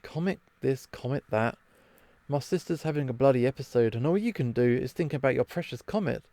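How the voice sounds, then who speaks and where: A man voicing a blunt, sharp-tongued female reindeer who mocks and snaps at others. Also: mid-range voice, lively intonation, fairly quick, dry recording, lightly acted. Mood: harsh. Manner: blunt and mocking.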